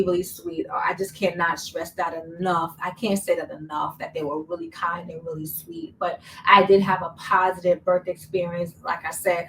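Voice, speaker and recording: Chatty New woman telling a story. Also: fairly low pitch. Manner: chatty, animated, repeats words for emphasis. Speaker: vlogger. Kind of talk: casual storytelling vlog. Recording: slightly distant mic, faint room noise.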